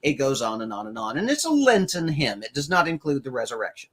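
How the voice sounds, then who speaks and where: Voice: mid-range voice, very animated, fast, fairly bright tone, husky. A co-host telling a story in casual chat, wry and profane.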